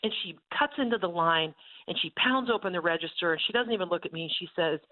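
A woman who runs a ranch ministry, telling a faith testimony in an animated way and acting out the voices of the people in her story. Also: on the low side, fast. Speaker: ranch ministry leader and speaker. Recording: tinny phone-like sound.

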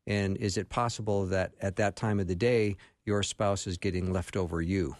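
A man hosts a talk show interview, his lowish voice steady as he asks long, measured questions. The sound is dry and close. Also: no echo. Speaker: host.

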